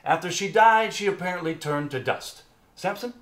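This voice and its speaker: Guy with a high voice doing fake political commentary, super confident, pompous, echoey room. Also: moderate pace, a bit bright. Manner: rattles off word lists with pompous confidence. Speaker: comedy news co-anchor.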